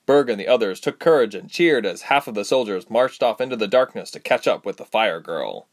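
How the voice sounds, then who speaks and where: Male audiobook narrator, low voice with a lively, varied delivery. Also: fairly quick.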